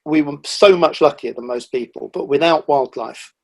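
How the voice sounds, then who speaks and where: A middle-aged man talks in an easy, conversational way, his voice slightly husky and pitched a little high for a man. He tells enthusiastic, animated stories and slips into lively quoted asides as he speaks. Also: moderate pace. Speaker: guest, nature writer. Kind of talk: casual conversational interview.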